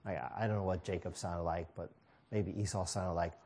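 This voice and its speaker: A man's voice: low-pitched, steady tone, fairly quick, dark tone. A man preaching a sermon, reading scripture and explaining it in a conversational way with casual asides.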